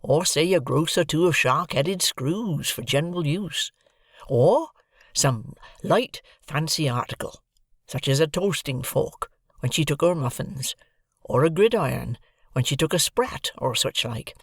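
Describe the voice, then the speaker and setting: A man voicing a slow, kindly village blacksmith who talks in plain rustic dialect, weighing every word. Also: a little high, expressive, fairly bright tone, husky, no room sound, studio quality, exaggerated voice. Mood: ponderous.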